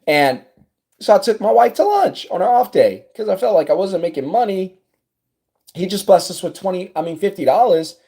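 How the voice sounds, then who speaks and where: A man in his thirties with a South Louisiana accent, a business coach telling a story to camera in his office in an animated, conversational way. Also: sits high, moderate pace, creaky, husky. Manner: animated, conversational, acts out dialogue.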